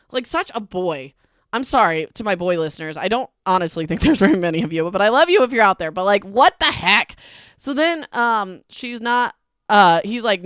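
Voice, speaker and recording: A woman's voice: medium pitch, very animated, moderate pace, a bit bright, clear, resonant tone, no room sound, clean studio sound. A woman hosting a casual book recap podcast, talking in a chatty, emphatic way and filling her speech with "like". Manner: chatty and emphatic, heavy use of "like". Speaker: podcast host.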